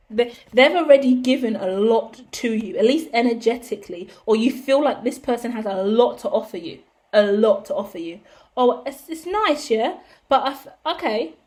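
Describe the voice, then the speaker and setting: A woman, hosting a casual general tarot reading and talking straight to viewers in a chatty, slangy, animated way, swearing freely and often checking in with "yeah?". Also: on the high side. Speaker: tarot reader and channel host.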